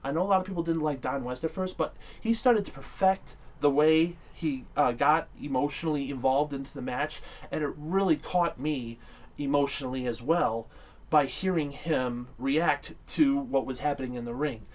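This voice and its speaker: A man giving a casual spoken review of a wrestling event, rambling with lots of "uh" fillers and getting loud and animated when he rants. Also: on the high side, normal speed, recorded from a distance. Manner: rambling, many "uh" fillers, laughs easily.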